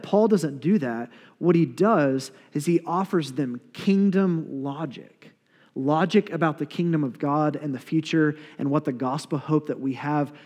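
A man preaching a sermon as a pastor, conversational and animated, with playful asides. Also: fairly high pitch. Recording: long reverb of a large hall.

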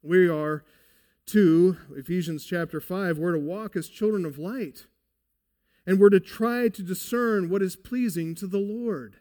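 A man's voice: high-pitched, measured pace, a little mellow, big-room sound. A man preaching a sermon as pastor, earnest and emphatic, asking his listeners pointed questions.

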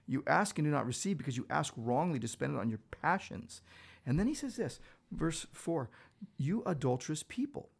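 This pastor's voice sits on the high side, creaky and slightly rough. Chatting through Bible verses on a casual podcast, he animates his explanations by staging little scenes and acting out what people say.

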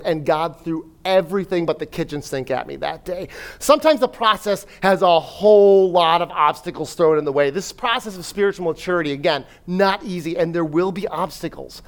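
Speaking at a church, a man with a high-pitched, fairly quick voice gives a sermon-style talk. He tells a personal story with animation, using fillers and acting out his own self-talk.

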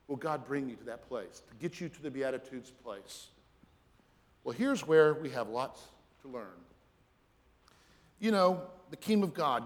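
A man, a pastor, preaching a sermon in an earnest manner, sinking low and quiet for prayer. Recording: reverberant church hall.

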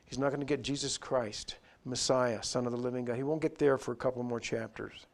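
Male pastor, sermon delivery, emphatic, swings from loud rises to hushed drops. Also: medium pitch, steady tone, fairly quick, gravelly.

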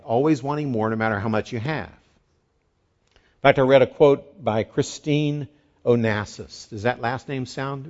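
A pastor preaching a sermon, emphatic, repeating key phrases and rising for emphasis. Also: male voice, medium pitch, a little mellow, muffled recording.

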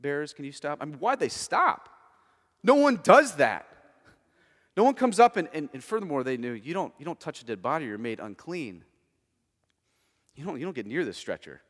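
A man preaching a sermon as pastor, conversational, moving between hushed and emphatic. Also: on the high side, very animated, normal speed, long pauses, big-room sound.

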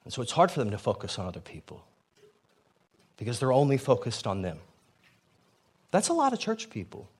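A man preaching a sermon in a conversational, animated way, often restarting his sentences and stepping aside to explain. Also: mid-range voice, fairly quick, long pauses, breathy edge. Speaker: pastor.

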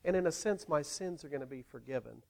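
A man's voice: a little high, expressive, quick pace, vocal fry, darkish tone. A man acting out an eager ancient Israelite man speaking earnestly, in a sermon. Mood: eager, hushed.

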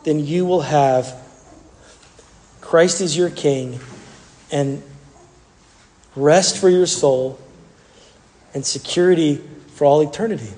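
A male pastor giving a sermon in an animated way, often repeating words and restarting phrases. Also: fairly high pitch. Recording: long reverb from a large hall.

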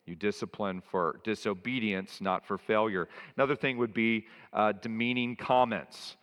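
A low-voiced pastor delivers a sermon at a normal speed, stressing and repeating his key phrases in a steady, slightly bright tone. He's in a church hall, and a long reverb trails after every line.

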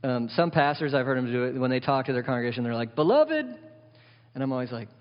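Pastor preaching in an echoey hall. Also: male voice, medium pitch, little pitch movement, rapid-fire. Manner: conversational, rhetorical questions, emphatic repetition. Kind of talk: sermon. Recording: echoey hall, slightly dull sound.

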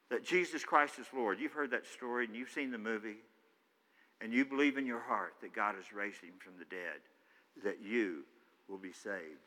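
A man preaching a sermon, animated, swinging between loud excited bursts and hushed asides, acting out the Bible characters in his own voice. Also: mid-range voice, measured pace, pauses often. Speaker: pastor. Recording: long reverb of a large hall.

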